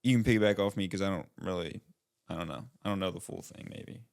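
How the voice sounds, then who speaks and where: A man's voice: deep voice, fast talker, creaky. A young man co-hosting a podcast, rambling with lots of fillers and tossing out playful questions. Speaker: podcast co-host. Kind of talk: casual chat.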